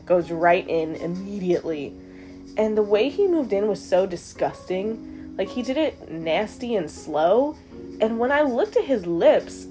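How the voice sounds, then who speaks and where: A young woman with a mellow, medium-pitched voice hosts her own show and tells a story casually. She's chatty and profane, swearing often and saying "like" constantly.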